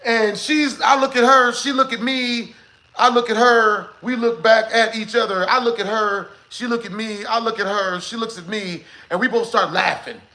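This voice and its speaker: A man's voice: high-pitched, normal speed, poor audio. A young man streaming live, telling a rambling story to his chat with lots of asides and laughter. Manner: animated, rambling, constant filler asides.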